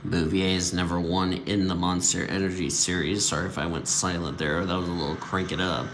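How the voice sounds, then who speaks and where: A tired man giving casual live commentary of a sim racing league, reacting loudly to crashes while yawning. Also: low-pitched, a little fast, hardly any pauses, a little hiss or hum. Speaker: race commentator.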